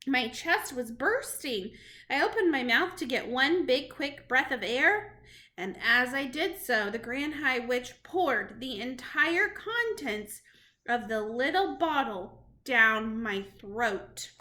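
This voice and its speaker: A woman reading a storybook chapter aloud to children in an expressive, dramatic way. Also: high voice, slow pace. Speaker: reader to children.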